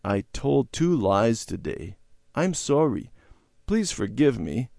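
A man voicing a young boy who tells fibs in a children's storybook, speaking a little higher and coaxing. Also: sing-song, unhurried, no echo, studio quality. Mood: sorry. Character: young boy, fibbing and sulky.

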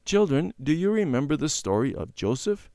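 A man voicing a patient mother calmly explaining things in a children's storybook reading. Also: fairly high pitch, moderate pace, dry recording, studio quality, pitched above the performer's own voice. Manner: calm, explaining. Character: patient mother, gentle teaching voice.

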